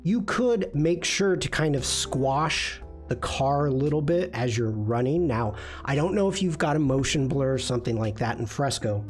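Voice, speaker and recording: A man's voice: mid-range voice, a little mellow. A man hosting a casual livestream critique, chatty and self-deprecating, reviewing viewers' work. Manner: chatty, self-deprecating, many fillers and restarts. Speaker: livestream host and design instructor.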